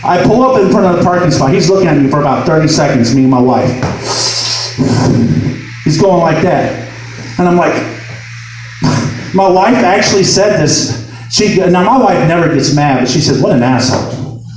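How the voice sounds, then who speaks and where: High, animated man telling stage stories. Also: normal speed, long pauses, soft background music. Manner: animated, profane, building to shouted punchlines. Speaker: stand-up comedian. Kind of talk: stand-up storytelling. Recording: echoey room, mic from far off.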